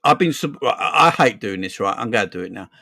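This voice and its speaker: A man's voice: lowish voice, expressive, brisk, creaky, no room sound, clean studio sound. Chatty South London man in his forties. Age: 40s. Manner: rambling, chatty, swears, shouts out viewers. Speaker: football channel host. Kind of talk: casual livestream chat.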